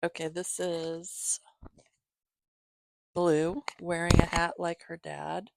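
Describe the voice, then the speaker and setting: A woman hosting her own channel, chatting casually with viewers as she shows gifts, giggling often and filling pauses with "um". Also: fairly low pitch, flat delivery, vocal fry, no echo. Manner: chatty, giggly, many fillers. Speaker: channel host reading to her cats. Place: home, reclining.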